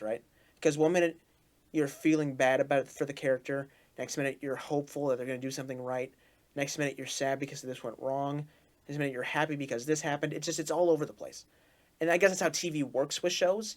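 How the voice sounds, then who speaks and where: Man, middle pitch, casual reaction host, gushes and repeats himself, plenty of restarts. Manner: effusive, repeats his praise over and over; talks through restarts and stumbles.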